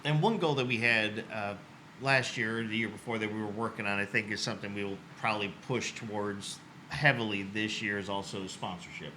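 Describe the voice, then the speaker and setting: Easygoing male podcast host with a bright voice. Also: fairly low pitch, a little fast, a little hiss or hum, low-quality recording. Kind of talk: casual podcast chat.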